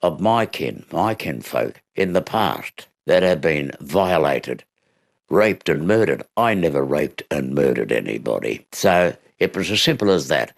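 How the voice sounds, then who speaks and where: An older Australian man with a deep, gravelly voice tells a story as an actor guesting in an interview. He's halting and full of fillers, yet his storytelling is lively.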